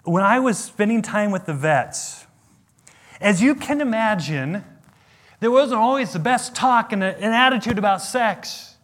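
A middle-aged man delivers a sermon in a notably high voice. He takes his time, leaning on emphatic repetition and rhetorical questions as he addresses his listeners. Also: animated, a little slow, fairly bright tone. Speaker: pastor.

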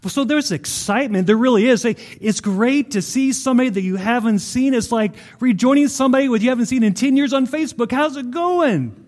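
Male pastor, high voice, lively sermon storyteller who acts out the scenes. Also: fairly quick, hardly any pauses. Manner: animated storytelling, vivid retelling of scripture.

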